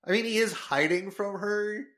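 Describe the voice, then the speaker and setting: A man's voice: high-pitched, moderate pace, a bit bright. A man co-hosting a podcast, chatting in a laid-back, wry way and explaining things plainly. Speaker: podcast co-host. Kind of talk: casual chat.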